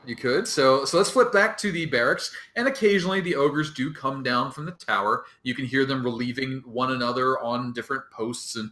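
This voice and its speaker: A man narrating as dungeon master of a tabletop game, relaxed and rambling, often breaking into laughter. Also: medium pitch, normal speed, hardly any pauses, roomy sound.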